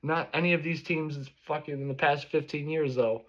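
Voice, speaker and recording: A man's voice: on the high side, fairly even intonation, a little fast, a bit bright. Man in his 30s, furious profane fan rant, lo-fi sound. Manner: angry, profane ranting. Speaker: sports fan vlogger. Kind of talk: reaction rant. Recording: dull lo-fi recording.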